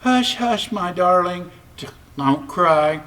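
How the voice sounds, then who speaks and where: A man's voice: high voice, lively intonation, slow, a bit bright, far from the mic, exaggerated voice. A man voicing a motherly farmer's wife in a storybook, in a raised, cooing voice. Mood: tender.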